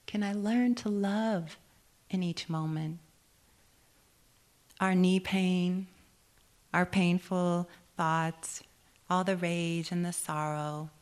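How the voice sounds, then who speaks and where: Woman meditation teacher, kinda low voice, gentle reflective dharma talk, laughs easy. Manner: gentle, reflective, asks many questions, laughs easily.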